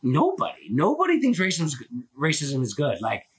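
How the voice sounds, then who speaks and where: A man's voice: a little high, huge pitch swings, fairly quick, husky. A man hosting a live stream, chatting casually and opinionatedly, with lots of filler words and swearing, into a phone. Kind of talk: casual rambling chat.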